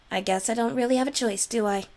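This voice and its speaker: A woman voicing a composed teenage club president from a visual novel, speaking calmly and matter-of-factly. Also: on the high side, pitched above the performer's own voice. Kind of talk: reading visual novel dialogue aloud.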